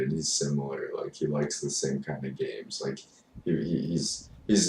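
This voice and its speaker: A young man with an extremely deep voice rambles in laid-back, profane streamer chat. He sits away from the mic. The sound is roomy, with faint noise behind him. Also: darkish tone, far from the mic. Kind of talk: casual chat.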